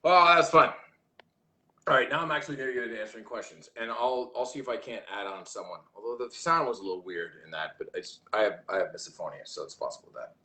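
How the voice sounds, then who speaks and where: A livestream host talks fast in a fairly low, expressive voice with a sharp tone and reverberant sound. He rambles casually, restarting often as he reads viewer comments aloud.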